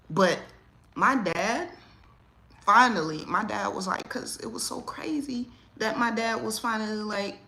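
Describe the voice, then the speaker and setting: A woman's voice: normal speed, vocal fry. A woman hosting a casual livestream, telling a story. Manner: animated, rising loud and high when riled. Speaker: livestream host.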